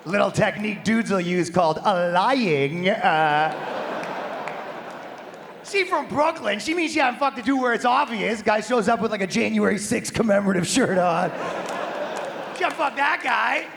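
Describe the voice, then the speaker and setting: A man's voice: high-pitched, animated, normal speed, vocal fry, long pauses, a bit bright, slight background noise. A man doing a stand-up comedy set on a live stage, brash, crude and conversational, into a handheld microphone.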